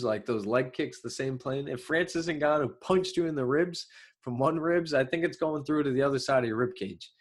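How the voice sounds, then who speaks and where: A young man with a nasal, choppy Long Island accent talks through fight results on his MMA show. He rambles in loose, filler-heavy commentary. He keeps breaking into sudden excited outbursts. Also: medium pitch. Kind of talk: solo commentary.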